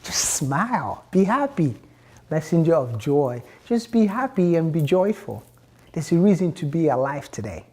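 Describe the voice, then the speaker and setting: A young man in a motivational vlog monologue, upbeat and preachy, who pauses and restarts mid-sentence. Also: fairly high pitch, sing-song, a little mellow, husky. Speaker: motivational vlogger.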